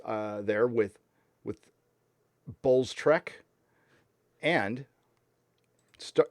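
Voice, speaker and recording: A man hosting a live stream talks casually in a middle-range voice, ranting and swearing between shout-outs to viewers. The sound is dry and close, with no room echo. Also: medium pitch. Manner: ranting and profane, reading viewer messages aloud. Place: warm indoor room.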